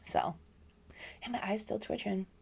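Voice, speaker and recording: A woman's voice: mid-range voice, measured pace, gravelly, darkish tone, slightly rough. A woman in her thirties co-hosting a podcast, chatting casually and swearing freely as she tells stories about her kids. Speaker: podcast co-host. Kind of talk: casual chat.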